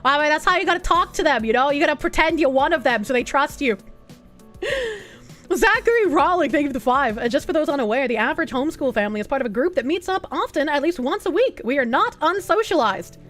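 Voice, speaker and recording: A young woman with a Boston accent, streaming and chatting casually with her chat in an animated way, swearing often. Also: sits high, fast. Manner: animated, swearing, laughing, bursts into loud put-on yells. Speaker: streamer reading chat messages. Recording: faint music behind.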